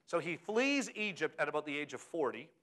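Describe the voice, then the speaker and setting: A middle-aged man giving a sermon as a pastor, animated and often asking the audience questions. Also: a little high, a little fast.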